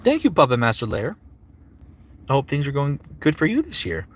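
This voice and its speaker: A man's voice: mid-range voice, wildly swooping pitch, moderate pace, pauses often. A male voice actor hosting a casual livestream, rambling and often restarting his sentences, from a home streaming setup on a desk mic. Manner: rambling, self-interrupting.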